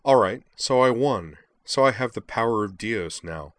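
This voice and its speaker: A man's voice: on the low side, lively intonation, moderate pace, no echo, natural voice. A man reading a frustrated young woman's lines in a story, lifting his voice a little for her.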